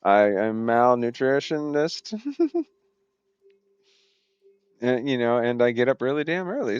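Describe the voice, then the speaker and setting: A man talks loosely on a home livestream, drifting between thoughts, cutting himself off and laughing. His voice is smooth and mid-pitched. The sound is dry and a bit muffled, like a basic home mic. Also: slow, pauses often, no echo. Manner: scattered and self-interrupting, swearing, laughing often. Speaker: livestream host. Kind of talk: rambling casual livestream chat. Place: home, indoors.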